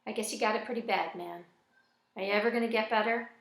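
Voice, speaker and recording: A woman's voice: mid-range voice, steady tone, fast, gravelly, close to an everyday voice. Woman reading as a shaken, sorry teenage boy. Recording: echoey room.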